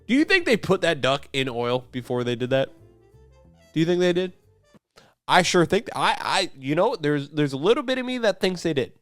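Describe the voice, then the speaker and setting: A man's voice: fairly high pitch, big pitch swings, moderate pace, a bit bright, dry recording, soft background music. A young man hosting a video, reading a script aloud and breaking off for sarcastic jokes and chats with his dog. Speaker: YouTube host. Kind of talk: reading a script with joking asides.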